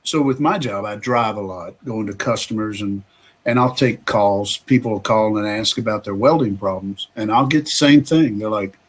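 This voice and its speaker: A man's voice: lowish voice, moderate pace, husky. A man appearing as a radio show guest, chatting casually about taking customers' calls. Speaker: guest, welding company rep.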